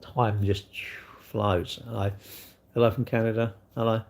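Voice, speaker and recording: A man's voice: lowish voice, level tone, a little slow, vocal fry, a little mellow. A man with a British accent hosting a casual livestream, answering chat comments in a blunt, rambling way. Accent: British English.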